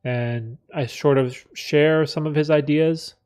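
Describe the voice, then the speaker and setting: A man hosting a live stream, chatting candidly in a rambling, reflective way with many fillers, often clearing his throat. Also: a little high, fairly even intonation, takes it slowly, a little mellow. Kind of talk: casual live stream chat, reading chat.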